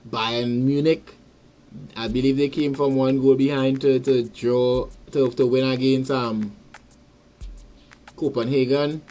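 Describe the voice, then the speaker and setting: A man's voice: medium pitch, fairly even intonation, slow, long pauses. Trinidadian man hosting casual sports talk. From Trinidad and Tobago. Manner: rambling, repeats words, shouts out listeners. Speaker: podcast host. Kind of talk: casual live sports chat.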